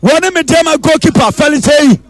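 A man with a Ghanaian accent commentating a football penalty shootout, calling out and repeating the players' names with excitement. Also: very high voice, brisk, no echo, soft background music, low-quality recording.

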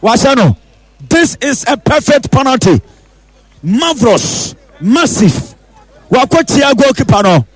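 With a Ghanaian accent, a man narrates a football shootout from the spot, thrilled as he names and renames the players. He speaks in a very high, husky, unhurried voice on a dry, low-quality recording.

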